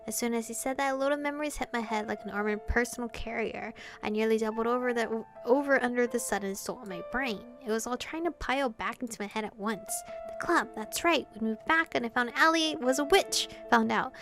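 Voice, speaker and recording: A woman streamer reading a visual novel aloud, animated and reactive, breaking off to comment on the story. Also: on the high side, fairly quick, few pauses, faint music behind. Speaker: gaming streamer.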